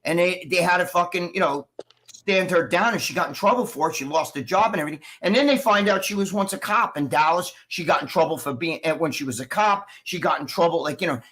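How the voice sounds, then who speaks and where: A man chatting casually on a livestream, telling animated, profanity-laced stories as co-host over a video call. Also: high-pitched, brisk. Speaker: show co-host.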